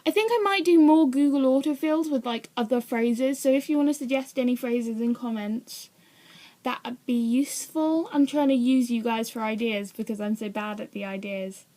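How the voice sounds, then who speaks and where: Young woman rambling on her vlog, kinda high voice, lots of ums and i dunnos. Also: moderate pace, warm tone. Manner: rambling, hesitant, self-deprecating. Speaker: vlogger. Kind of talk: casual chat to camera.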